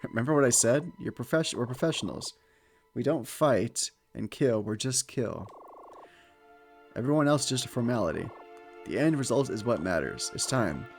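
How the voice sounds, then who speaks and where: A man's voice: mid-range voice, animated, moderate pace, faint music behind, close to an everyday voice. A man reading out a game's stern male assassin mentor in a grim, lecturing way.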